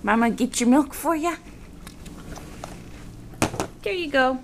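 A woman's voice: high voice, slow pace, long pauses, a little hiss or hum. A woman filming her toddler at dinner with a handheld camera, coaxing him in playful, sing-song baby talk.

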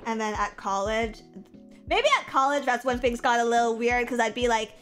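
A young adult woman livestreamer chatting casually, reading viewer comments aloud and reacting in an animated, profane, self-mocking way. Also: on the high side, normal speed, clear, resonant tone, soft background music.

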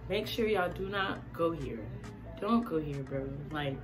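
A woman vlogger in a casual rant, animated and exasperated, talking with lots of slang. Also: lowish voice, a little slow, over music.

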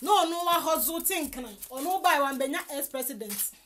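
A Ghanaian woman giving animated gossip commentary, mixing Twi and English with loud exclamations. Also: sits high, fairly quick.

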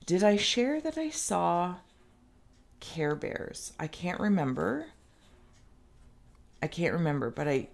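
A woman's voice: on the low side, sing-song, measured pace, vocal fry, long pauses. A woman giving an intuitive tarot reading straight to the viewer, rambling and meandering as she works through the cards. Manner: speaks directly to the viewer. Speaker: tarot reader.

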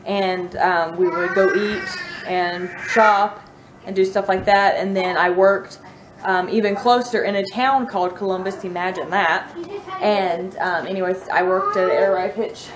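Speaking at an unhurried pace with fairly even intonation, this medium-pitched woman is a mom vlogger in her thirties with a Southern US accent. She rambles casually to her camera at home in the living room, laughing a lot, while a crowd can be heard behind her.

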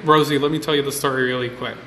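A man's voice: mid-range voice, steady tone, fast, pushed and bright, slight background noise. A man chatting casually to viewers on a phone live stream, rambling and repeating himself with lots of filler likes. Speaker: vlogger on an Instagram live stream. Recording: roomy phone audio with a long reverb tail.

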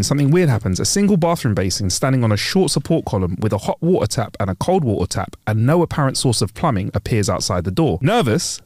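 A chatty podcast co-host who swaps jokes in casual conversation. His pitch swings widely, and the recording is dry and close. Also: darkish tone, no room sound. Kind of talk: casual joke-telling chat.

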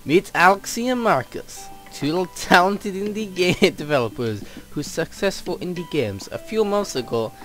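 A man's voice: high-pitched, animated, normal speed, hardly any pauses, fairly bright tone, soft background music. A man putting on a mock Swedish storyteller. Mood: mock storytelling. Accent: put-on Swedish. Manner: reading aloud, stumbling and laughing. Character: man narrating a game intro in a mock Swedish accent.

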